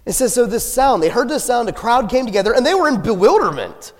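High-voiced guy preaching in a church, bouncy up-and-down delivery, cracks jokes, lots of hall reverb. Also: fast talker, few pauses. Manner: animated, joking asides, laughs. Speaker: pastor. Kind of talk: conversational sermon. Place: church sanctuary.

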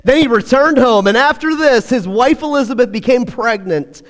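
Preacher, man, lively swinging delivery, chatty jokes, reverberant hall. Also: high voice, moderate pace, few pauses. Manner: joking, chatty, laughs often. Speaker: pastor. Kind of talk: sermon with casual asides.

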